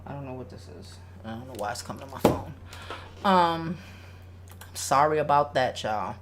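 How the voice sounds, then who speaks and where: A woman's voice: very deep voice, normal speed, background noise. A woman hosting a casual advice livestream, speaking bluntly with a lot of swearing and reading viewer comments aloud. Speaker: relationship advice host.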